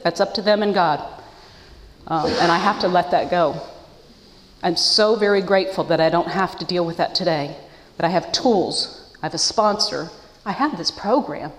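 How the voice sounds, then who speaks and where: A woman's voice: medium pitch, normal speed, big-room sound. A woman giving an earnest, emotional personal testimony to a support group, her voice breaking with feeling. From United States. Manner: earnest, emotional, with self-deprecating laughs. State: choked up. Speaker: speaker sharing her story at a support meeting.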